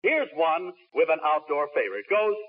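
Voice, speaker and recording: A man's voice: on the high side, very animated, moderate pace. A man hosting a 1940s radio quiz, chatting jovially with contestants, from a dull lo-fi broadcast. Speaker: quiz show host.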